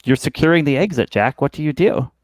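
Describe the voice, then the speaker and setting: A man narrating as game master of a tabletop game, speaking haltingly with many fillers and restarts. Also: a little high, animated, no echo, rough recording.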